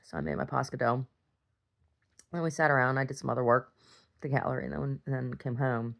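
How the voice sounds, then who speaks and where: A woman's voice: rumbling low, steady tone, a little fast, gravelly. A woman talking casually in a video diary, chatty and self-interrupting, laughing often. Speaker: video diarist.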